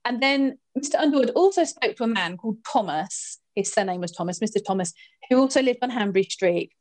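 A woman guest recounting a ghostly experience in a lively, expressive way, her voice jumping up in pitch at the dramatic moments. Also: fairly quick. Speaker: guest storyteller. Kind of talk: animated anecdote telling.

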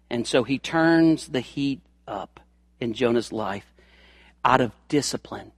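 A man's voice: mid-range voice, measured pace, dry recording. A man preaching a sermon in an emphatic, folksy way, acting out the scripture quotes as he goes.

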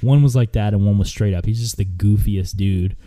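A man's voice: on the low side, brisk, dark tone. A man recounting a hunting trip in casual, rambling storytelling with lots of fillers and restarts.

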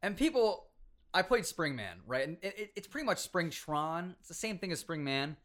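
A man in his twenties casually telling stories about competitive gaming, animated, laughing often and acting out quotes. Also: on the high side, normal speed. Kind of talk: casual storytelling chat.

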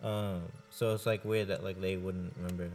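Low-voiced man rambling casually. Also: fairly even intonation, normal speed, a little mellow, a little hiss or hum. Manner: rambling, swears often, heavy use of "like". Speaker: podcast co-host. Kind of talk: casual chat.

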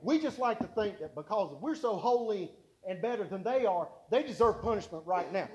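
A high-pitched man preaches a sermon. His tone is mellow and warm, and he tells homespun stories, circling back to repeat key points with emphasis. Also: lively intonation, normal speed, dull audio. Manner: folksy storytelling with emphatic repetition.

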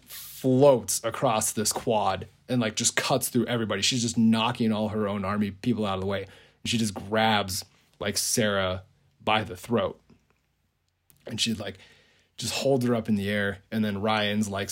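A man casually retelling a movie idea on a podcast, rambling with lots of "like" and frequent chuckles. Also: fairly low pitch. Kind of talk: casual storytelling.

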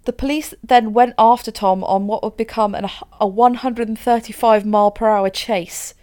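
A woman recounts a crime case to a friend on a podcast. Her voice is smooth and clear, her delivery chatty and loose, full of "like" and "so". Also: on the high side, steady tone, moderate pace, mellow. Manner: chatty, frequent "like" and "so", laughs easily. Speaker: podcast co-host. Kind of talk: casual true-crime storytelling.

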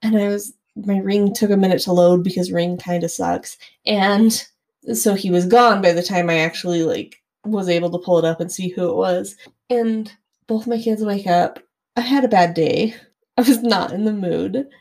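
A woman's voice: mid-range voice, moderate pace, a little mellow. A woman co-hosting a podcast, casually telling a story and swearing freely. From Utah, US. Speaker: podcast co-host. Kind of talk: casual chat.

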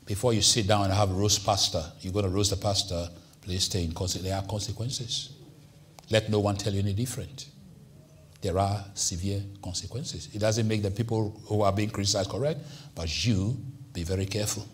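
A man preaching a sermon as pastor, swinging from hushed asides to loud, emphatic lines. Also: on the low side, fairly even intonation, normal speed, a little hiss or hum. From Nigeria.

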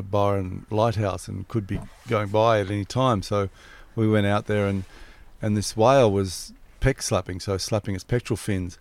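A man in casual conversation, telling a reflective story in an unhurried, spiritual way. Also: fairly low pitch, vocal fry, a little mellow.

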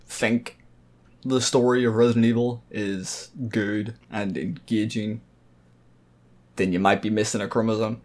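A man's voice: fairly low pitch, level tone, unhurried, a little mellow. Blunt, opinionated man on a podcast. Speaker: podcast co-host. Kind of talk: casual podcast chat.

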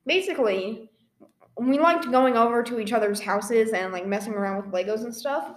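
A young woman with a fairly high voice chats casually as a podcast co-host. She rambles through her stories and acts out the lines she quotes. The sound carries a noticeable room echo. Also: normal speed. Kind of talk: casual chat. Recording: echoey room.

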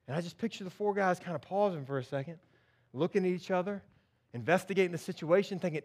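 A man preaching a sermon in a church, telling a story with lively acted-out voices. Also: fairly high pitch, quick pace. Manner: animated storytelling, acts out characters. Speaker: pastor.

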